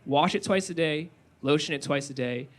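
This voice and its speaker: A young man performing stand-up comedy at a small live venue, animated, incredulous and wry. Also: fairly high pitch, moderate pace. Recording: noisy live room recording.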